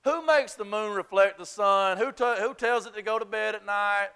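Brief: preacher doing a calm, questioning God voice, bright and fairly high. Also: male voice, normal speed, smooth. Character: patient questioning God, male.

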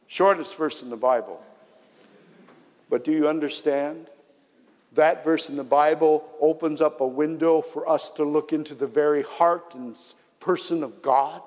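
Male pastor, slightly raised pitch, earnest sermon delivery with emphatic builds, long reverb. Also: steady tone, normal speed.

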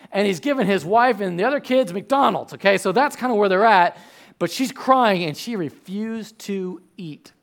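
A man preaching a sermon as a pastor, talking in a casual way, often checking in with the congregation and dropping to a hushed voice in prayer. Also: high-pitched. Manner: conversational preaching, checks in with "okay?"; hushed, soft-spoken in prayer.

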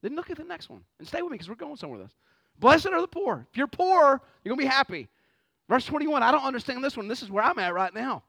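A man preaching a lively, conversational sermon full of rhetorical questions. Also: very high voice, fast, gravelly, no room sound. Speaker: pastor.

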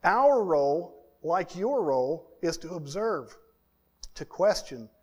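A man preaching a sermon as pastor, earnest and building his points in lists and repetitions, sometimes dropping to a hushed tone. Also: on the high side, big pitch swings, slow pace.

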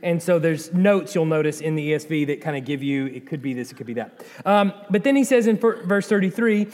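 Animated high-voiced man preaching in a hall. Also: brisk. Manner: conversational, animated, acts out quoted voices. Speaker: pastor. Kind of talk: sermon.

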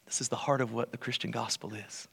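A pastor delivering a sermon in a church, telling stories earnestly and dropping to quiet, hushed passages. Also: male voice, mid-range voice, steady tone, fast, vocal fry, breathy edge. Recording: long reverb of a church hall.

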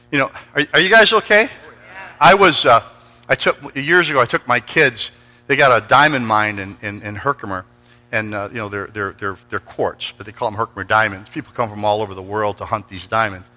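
A man's voice: fairly low pitch, moderate pace, bright, forceful tone, long reverb tail. A man preaching a sermon, telling stories and acting out voices and sounds. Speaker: pastor. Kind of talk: sermon with storytelling.

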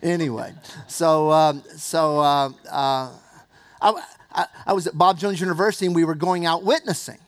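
A man's voice: fairly high pitch, steady tone, moderate pace. A man from South Carolina teaching church history in a conversational lecture, with jokey asides and frequent "uh" fillers. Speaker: Bible teacher.

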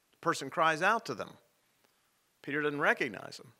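A man preaching a sermon as rector, telling stories with dramatic pauses. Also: fairly high pitch, sing-song, sharp tone.

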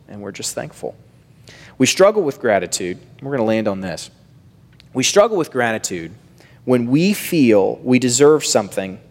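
Man preaching in a reverberant hall. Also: medium pitch. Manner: wide swings of loudness, dropping to near-whisper on key phrases. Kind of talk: sermon. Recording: long reverb of a large hall.

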